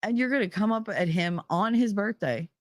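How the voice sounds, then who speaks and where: A woman's voice: medium pitch, lively intonation, moderate pace, dry recording, clean studio sound. A middle-aged woman streaming from home, telling a story in casual chat, heated and profane. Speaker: live streamer.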